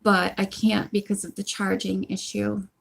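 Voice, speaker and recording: A woman's voice: mid-range voice, monotone, normal speed, vocal fry. A woman casually chatting on a phone livestream at home while she knits, rambling with lots of asides. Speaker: audiobook channel host.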